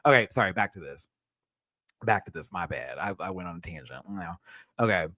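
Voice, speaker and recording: A man hosting a live show review, ranting in an animated and profane way. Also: low-pitched, brisk, no echo, studio quality. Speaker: host.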